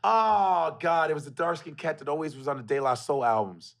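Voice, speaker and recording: A man's voice: fairly high pitch, a little fast, noisy background. A man who is a comedian, guesting on a podcast and talking in a laid-back, slangy, profane way. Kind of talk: casual chat.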